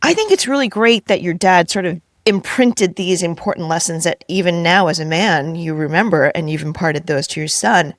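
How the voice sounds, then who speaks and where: A woman hosting a podcast, asking quick, upbeat questions of her guest. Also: lowish voice, dry recording, studio quality. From New York. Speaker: podcast host. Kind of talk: casual interview.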